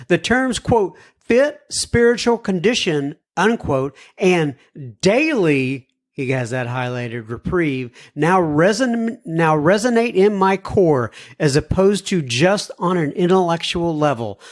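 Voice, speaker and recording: A man hosting a recovery podcast, reading listener emails aloud in an unhurried, folksy way, adding appreciative asides and letting his voice drop low and soft at the ends of sentences. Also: expressive. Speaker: podcast host.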